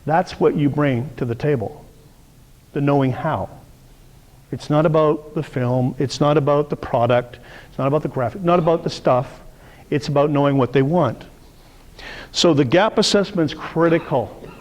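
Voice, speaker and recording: A man's voice: a little high, moderate pace, pauses often, darkish tone, in a large hall, dull audio. A middle-aged man teaching a live sales workshop, telling stories and acting out the voices of the people in them. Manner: storytelling, acts out quoted voices. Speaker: sales coach.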